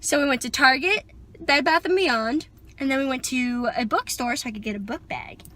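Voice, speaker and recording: Young female vlogger, high and bright, casual and animated, with a foul mouth. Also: normal speed, low-quality recording. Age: young adult. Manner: chatty, swears freely, animated storytelling. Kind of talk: casual vlog chat.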